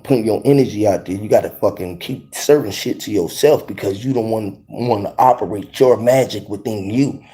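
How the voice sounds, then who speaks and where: A man's voice: fairly low pitch, warm tone. A man vlogging from his garage, giving a rambling, profane motivational monologue full of rhyming wordplay and repeated catchphrases. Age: adult. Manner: rambling, profane, rhyming wordplay, repeats "you feel what I'm saying". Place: home garage.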